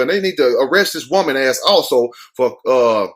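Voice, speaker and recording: A young adult man hosting a comedic news commentary show, loud and mocking, full of street slang and acted-out quotes. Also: mid-range voice, animated, moderate pace.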